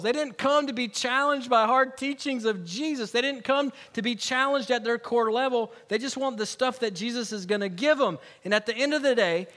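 A man's voice: extremely high pitch, a bit bright. A male pastor preaching a sermon in a conversational way, with humorous asides and emphatic repeated words.

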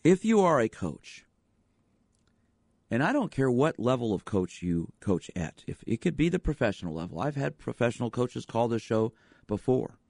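A man's voice: mid-range voice, very animated, moderate pace, vocal fry, darkish tone, dry recording. A man hosting a radio show as a sports psychologist, talking in an emphatic way with repeated rhetorical questions. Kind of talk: radio talk monologue.

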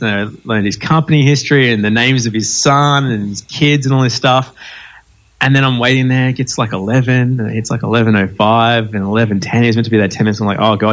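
A man hosting a podcast, telling stories in casual chat with lots of fillers and laughter. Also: mid-range voice. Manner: animated storytelling with frequent laughs and fillers. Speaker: podcast host.

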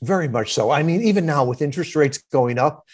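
A man guests on a podcast interview as a marketing founder, speaking briskly in a slightly high, husky, animated voice. He answers in punchy, quotable lines and often checks in with "right?".

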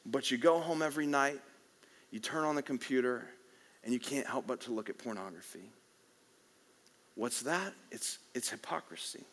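A man preaching a sermon at a worship service, telling the story with animation and swinging from loud to hushed. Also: mid-range voice, fairly quick. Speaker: pastor. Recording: echoey hall reverb.

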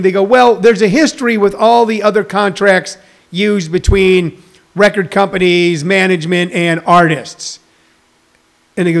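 Gravelly high-voiced man in his sixties. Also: steady tone, a little fast. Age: 60s. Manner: rambling, jokey, addresses viewers directly. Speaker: comedian hosting a live stream. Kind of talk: casual live-stream monologue.

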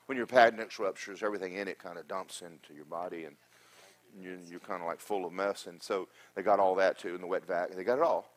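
Male pastor, sermon, lower voice, humorous storytelling, loud exhortations and soft asides. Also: fairly even intonation, fast talker.

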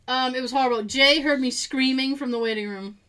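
A woman co-hosting a podcast in casual chat, telling stories in an animated way, swearing freely and laughing often. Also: high voice, a little fast, clear, resonant tone. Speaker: podcast co-host.

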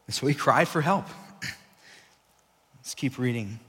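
Young male preacher, casual and animated, acts out voices, slightly high voice, big hall reverb. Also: normal speed. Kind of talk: casual sermon to young adults.

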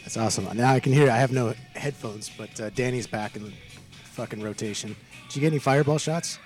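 A male host with a middle-pitched voice keeps a casual chat going, blunt and quick to swear as he jumps in with questions. Faint music sits behind him. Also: darkish tone. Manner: blunt, swears freely, chimes in.

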